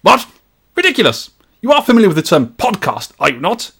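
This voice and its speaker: A man voicing a pompous, indignant Victorian gentleman in a comedy sketch, with an affected posh manner. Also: wildly swooping pitch, fairly quick, gravelly, breathy edge, exaggerated voice. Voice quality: haughty, booming, affected posh.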